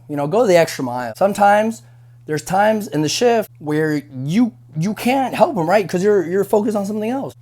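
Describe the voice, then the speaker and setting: A man's voice: high voice, a little mellow. A young man working as a restaurant busser, giving frank, conversational advice to camera with many fillers and restarts. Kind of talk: casual advice monologue.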